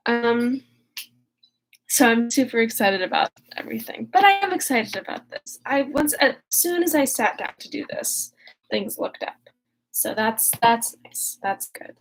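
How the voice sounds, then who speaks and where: A young woman casually recapping a classic novel in a chatty, animated way, then reading it aloud. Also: fairly high pitch, unhurried, low-quality recording. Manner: chatty, animated retelling with lots of "like". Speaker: reader and recap vlogger. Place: room lit by a window, recording alone.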